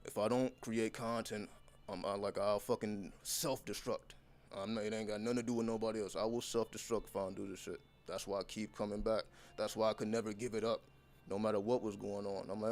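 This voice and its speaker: A man's voice: fairly low pitch, steady tone, fairly quick, a little mellow, soft background music. A man talking straight to his viewers as a content creator, delivering an unscripted motivational monologue that is blunt, intense and heavily profane.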